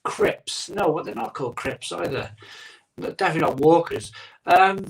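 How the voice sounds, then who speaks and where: Bloke rambling on his live stream, bit high voice, chatting away on his phone. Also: lively intonation, normal speed, recorded from a distance, poor audio. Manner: rambling, chatty, reads out viewer comments. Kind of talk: casual live-stream chat. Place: home conservatory. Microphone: iPhone microphone.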